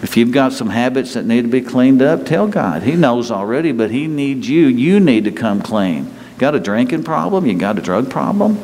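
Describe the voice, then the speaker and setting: Pastor, mid-pitched, chatty joking sermon style, big reverberant church sound. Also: male voice, sing-song, normal speed, few pauses, a little mellow. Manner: folksy, joking asides with the congregation. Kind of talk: conversational sermon. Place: church sanctuary with congregation. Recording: long hall reverb, faint ambient noise.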